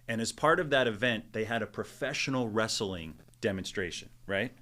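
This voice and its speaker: A man with a fairly low voice and a bright, forceful edge to it, speaking as a guest on a casual podcast. He tells stories with animation and slips into the voices of the people he quotes. He sounds middle-aged. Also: normal speed. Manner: animated storyteller, acts out quotes. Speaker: stadium public address announcer, podcast guest. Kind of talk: casual storytelling interview.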